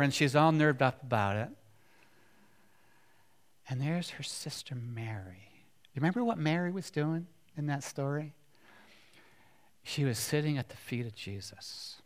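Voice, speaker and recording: A male preacher giving a conversational sermon, often asking the congregation questions and dropping from loud passages to hushed ones. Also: medium pitch.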